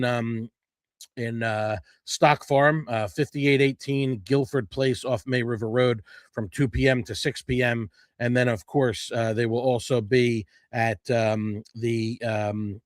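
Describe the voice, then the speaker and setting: A man's voice: mid-range voice, no echo, clean studio sound. A man hosting a food blog update, talking casually to followers with lots of fillers and self-corrections. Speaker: food blogger host. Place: his home.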